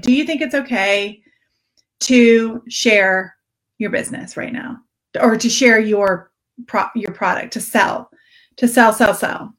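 A woman speaking in a slightly high voice, coaching her followers on a casual live stream. She talks earnestly and encouragingly, circling back to repeat her key points. Her delivery is warm in intent but plain and conversational. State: briefly teary-eyed. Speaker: direct sales coach. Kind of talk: Facebook live coaching talk.

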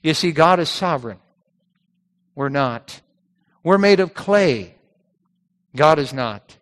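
A male pastor giving a sermon in a conversational style, often repeating words and reading scripture slowly. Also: on the high side, animated, fairly bright tone. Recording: long reverb of a church hall.

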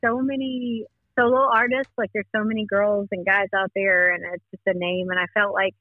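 A woman's voice: mid-range voice, flat delivery, moderate pace, no echo. Southern woman from north carolina, band frontwoman, chatty and laughing, muffled dry line. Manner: friendly, chatty, laughs easily. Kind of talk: casual interview.

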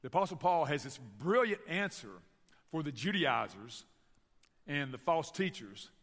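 A man with a Southern US accent from Tennessee, preaching a sermon and telling stories to his church in an animated way. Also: fairly high pitch, a little slow, long reverb tail. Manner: storytelling, animated, addresses the church directly. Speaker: pastor. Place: church sanctuary.

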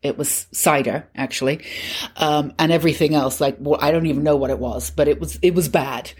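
A woman's voice: low-pitched, fairly even intonation, fairly quick, darkish tone, husky. A middle-aged woman hosting a podcast and telling a personal story in a candid, conversational, self-mocking way. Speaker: podcast host.

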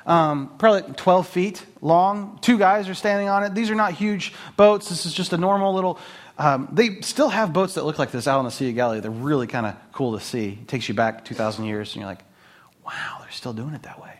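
A man's voice: on the high side, a little fast. A man preaching a conversational sermon as a pastor, telling stories with jokes and laughs and a lot of filler words. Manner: animated, joking storyteller with laughs and filler words.

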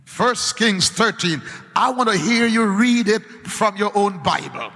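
Fiery preacher shouting in a reverberant hall. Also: male voice, sits high, expressive, a little slow. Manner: fervent, shouts and chants at climaxes. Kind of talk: sermon.

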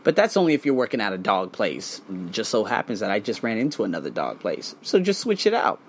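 Profane, animated man ranting on his podcast. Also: a little fast, a little hiss or hum. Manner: blunt, profane, emphatic ranting; hype, swinging between loud and low asides. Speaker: podcast host. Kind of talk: solo podcast rant.

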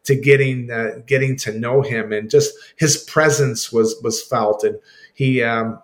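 A man who is a former hockey player, reminiscing in an interview. He repeats words often and talks in halting bits. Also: medium pitch, fairly even intonation. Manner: halting, repeats words, acts out quoted exchanges.

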